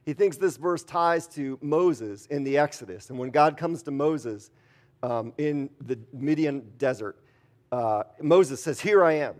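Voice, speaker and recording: A man's voice: medium pitch, measured pace, a little mellow. A man preaching an earnest sermon as pastor, telling stories and acting out quotes. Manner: earnest, storytelling with acted quotes.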